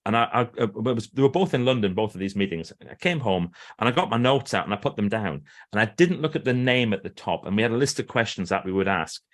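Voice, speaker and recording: A man's voice: lowish voice, fast talker, few pauses. A middle-aged man, a guest author and trainer, telling stories in a podcast interview and acting out what others said. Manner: animated storyteller who acts out quoted speech.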